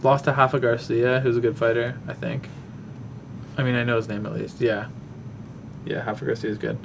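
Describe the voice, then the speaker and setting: A man's voice: medium pitch, level tone, normal speed, creaky, background noise. A man hosting a casual talk show, rambling through a fight breakdown while thinking aloud with many fillers. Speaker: podcast host.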